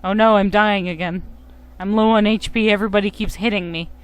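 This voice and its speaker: A woman's voice: mid-range voice, steady tone, a little fast. A young woman streaming a video game, joking and self-mocking as she reads the text aloud. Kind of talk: casual game commentary. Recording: faint game music behind.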